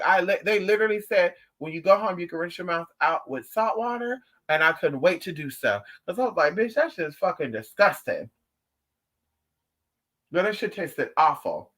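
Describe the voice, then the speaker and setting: Guy livestreaming, bright sharp voice, sassy and swearing a lot while telling stories to chat. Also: a little high, normal speed, hardly any pauses. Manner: animated, profane and sassy storytelling. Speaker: livestream host. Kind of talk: casual chat with viewers.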